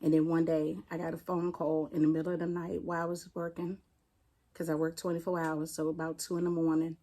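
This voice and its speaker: Mellow-voiced D.C. woman recounting her loss. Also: deep voice, completely flat delivery. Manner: plainspoken, halting, retelling a painful loss. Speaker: interview guest, firefighter. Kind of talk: personal storytelling in an interview.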